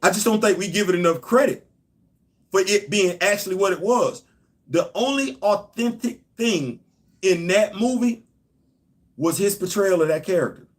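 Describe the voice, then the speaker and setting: A man hosts a casual livestream, speaking directly to his viewers and driving his points home by repeating them emphatically. His voice is high-pitched and moves at a normal speed.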